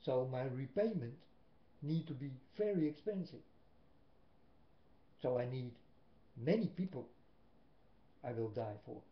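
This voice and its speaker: A man with a Dutch accent, a native Dutch speaker, gives a slow, emphatic religious monologue into a webcam, with long pauses between phrases. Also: medium pitch, lively intonation. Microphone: built-in webcam mic. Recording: echoey room, dull lo-fi webcam audio.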